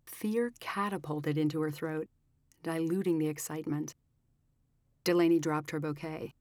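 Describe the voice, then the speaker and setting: A woman with a notably low voice narrates an audiobook in a measured, dramatic way. The sound is close and dry, with no room echo. Her delivery stays steady and deliberate. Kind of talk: scripted narration.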